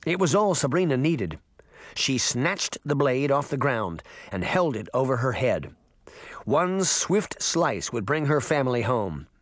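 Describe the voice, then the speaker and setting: Animated male audiobook narrator. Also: medium pitch, measured pace, no echo, studio quality. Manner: lively, expressive reading. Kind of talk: storytelling narration.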